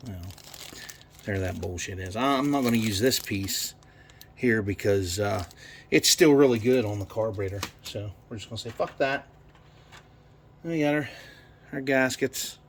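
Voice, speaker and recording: In his garage, a man with a lowish voice talks through rebuilding a carburetor, with slight background noise. It's a casual workshop how-to where he rambles, thinks aloud, and swears freely as he works.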